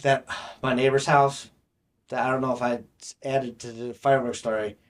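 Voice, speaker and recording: A young man chatting casually as a podcast co-host. He rambles from story to story and breaks into laughs mid-sentence. His voice sits at an everyday middle pitch. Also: flat delivery, normal speed. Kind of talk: casual chat.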